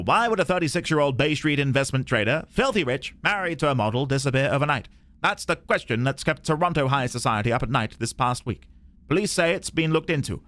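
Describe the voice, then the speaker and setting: Old-timey male TV newsreader, done by a British streamer, slow mock-formal delivery. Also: a little high, fairly bright tone.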